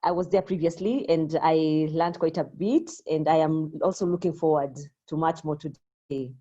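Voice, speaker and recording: A woman introducing herself on a video call, speaking slowly with some hesitation. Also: low voice, fairly even intonation, warm tone, lo-fi sound. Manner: slow, hesitant. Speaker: teacher and entrepreneur.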